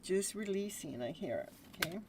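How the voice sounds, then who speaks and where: A woman's voice: lowish voice, animated, normal speed, darkish tone, a little hiss or hum. A woman giving a live tarot reading, chatty and laughing often as she talks. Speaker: tarot reader.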